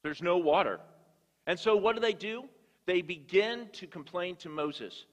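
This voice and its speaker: A man's voice: sits high, a little slow, a bit bright. A man preaching a sermon, telling stories and often repeating words as he restarts. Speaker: guest preacher. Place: church sanctuary. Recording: long church hall reverb.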